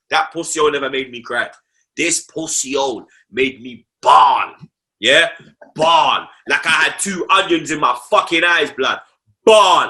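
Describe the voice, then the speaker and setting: A man's voice: on the high side, pushed and bright. A young man, talking football on a casual podcast, slangy and repeating himself for emphasis.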